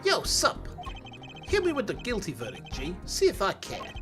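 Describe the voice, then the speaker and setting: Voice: medium pitch, huge pitch swings, moderate pace, over music. A streamer voicing a brash, cocky young man in a game, talking tough with slangy swagger. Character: cocky young male street punk, brash.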